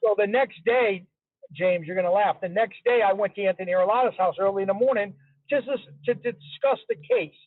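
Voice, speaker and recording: A man tells his story as an interview guest, chatty and casual, circling back to repeat his points. His voice sits fairly high for a man. He comes through a tinny, phone-like line with a dry sound and no room echo. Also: a little fast. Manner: chatty, repeats himself for emphasis.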